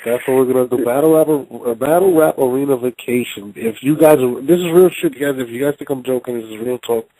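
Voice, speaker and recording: A man hosting a call-in show, talking casually, loudly and profanely, often repeating words as he rambles. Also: medium pitch, fast talker, few pauses, rough recording. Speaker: show host.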